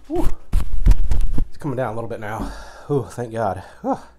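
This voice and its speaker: A man's voice: fairly low pitch, wildly swooping pitch, moderate pace, background noise. A middle-aged man, strained and slightly slurring from the heat of a hot pepper, talking casually and groaning and sighing between his words. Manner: groaning, sighing and gasping through the burn. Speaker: vlogger eating hot peppers. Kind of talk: casual vlog.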